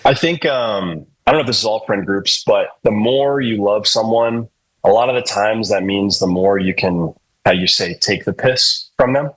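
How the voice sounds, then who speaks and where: Husky laid-back man telling stories. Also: on the low side, moderate pace, rough recording. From New Hampshire. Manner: laid-back, swears freely, lots of fillers. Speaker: podcast guest, musician. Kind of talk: casual storytelling.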